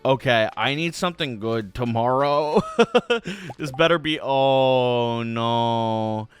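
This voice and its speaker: A young gaming channel host rambles through a casual let's play, slow and mid-range in pitch, full of "um"s and jokey slang, with music playing under him.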